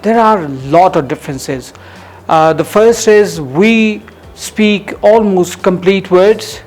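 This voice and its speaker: A man's voice: high voice, slow, soft background music. A man with an Indian English accent, an English coach answering interview questions, explaining pronunciation with many ums and uhs.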